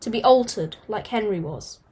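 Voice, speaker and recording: A woman's voice: medium pitch, animated, moderate pace, a little mellow, breathy edge. A restless young tomcat from a storybook, played by a woman, speaking earnestly and a little hastily. His tone is firm and determined, set on a new life. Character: restless young male house cat longing for the wild.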